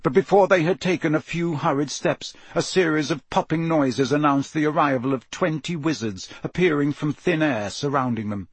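A man narrating an audiobook with a dramatic, expressive reading. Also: on the high side, normal speed, few pauses, husky, no echo.

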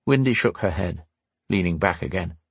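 A man reading a fantasy novel aloud in calm, even scripted narration. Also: sits low, moderate pace, vocal fry, husky, no room sound. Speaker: audiobook narrator.

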